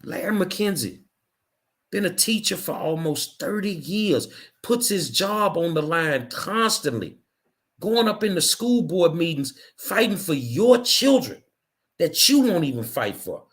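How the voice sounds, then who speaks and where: A man's voice: high-pitched, very animated, unhurried, fairly bright tone. A middle-aged man hosting his own show, delivering an angry, emphatic monologue with hard repetition. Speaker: show host. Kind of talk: impassioned monologue.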